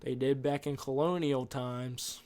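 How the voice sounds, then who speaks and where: A man's voice: mid-range voice, steady tone, a little slow, a little mellow. A man hosting a podcast, rambling off script through an opinionated casual monologue. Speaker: podcast host.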